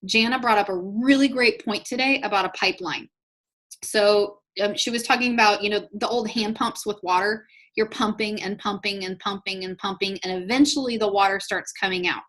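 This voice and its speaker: With a mid-range, fairly bright voice at a moderate pace, a woman coaches viewers in a live online network marketing training. Her delivery is chatty, upbeat and encouraging, aimed right at her audience.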